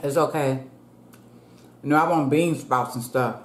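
Woman, middle-aged, mukbang host; folksy and chatty, slow and deep, echoey home recording. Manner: chatty, folksy, keeps calling out to viewers. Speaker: mukbang vlogger. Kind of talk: casual eating-show chat. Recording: echoey room with faint background hum.

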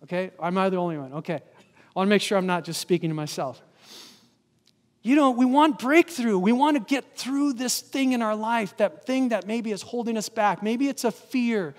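High-voiced pastor preaching in an echoing hall. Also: male voice, normal speed. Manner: engaging, asks the congregation questions. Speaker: guest pastor. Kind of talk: sermon. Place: church sanctuary.

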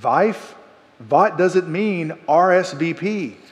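A preacher putting on a puzzled European immigrant husband. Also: male voice, on the high side, takes it slowly, in a large hall.

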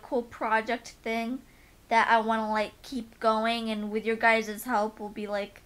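A young woman with a slightly high, fairly bright voice vlogs casually, rambling with plenty of "like" and "um." She also gushes in baby talk to her pets.

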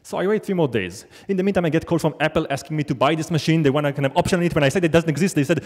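A man's voice: on the high side, rapid-fire, hardly any pauses. A man telling a true story on stage in a wry, self-deprecating, conversational way. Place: large theater stage. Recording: long theater hall reverb.

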